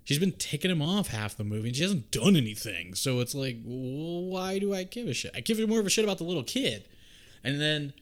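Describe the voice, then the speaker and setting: A man's voice: fairly high pitch, fairly quick. A man casually recapping a movie, swearing a lot and acting out the characters' lines. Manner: profane, animated storytelling, acts out characters' lines. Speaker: podcast co-host.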